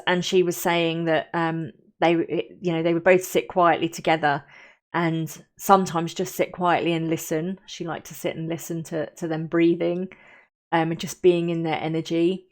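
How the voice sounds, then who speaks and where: Woman kinda low voice, soft and rambly, lots of um and restarts, dreamy vibe. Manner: soft, hesitant, many fillers and restarts; gentle and dreamy, lingering on feelings. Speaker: medium recounting a channeling session. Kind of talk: casual spoken recollection.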